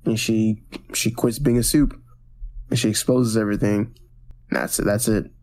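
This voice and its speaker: A man co-hosting a casual pop-culture podcast, recapping a TV episode in a rambling way with many restarts and quick acted-out quotes. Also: fairly low pitch, steady tone, a little mellow. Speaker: podcast co-host.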